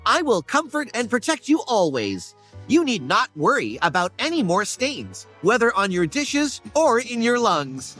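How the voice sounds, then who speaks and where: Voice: medium pitch, huge pitch swings, a little slow, a bit bright, slightly rough, soft background music, full character voice. An actor voicing a talking dishwasher in a video game that is formal, earnest and devoted to protecting its human.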